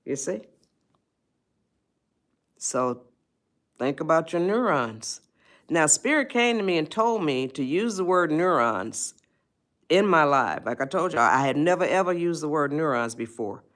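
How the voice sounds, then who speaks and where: A woman's voice: sits low, animated, unhurried, long pauses. A woman hosting a live stream, giving an emphatic motivational talk and often checking in with "you see?". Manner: emphatic, repeats "you see?", addresses viewers as y'all.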